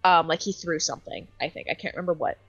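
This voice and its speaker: A young adult woman co-hosting a podcast, telling an animated story with swearing and lots of fillers. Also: low-pitched, quick pace, slightly rough, no echo, lo-fi sound, faint music behind. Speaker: podcast co-host. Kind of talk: casual chat.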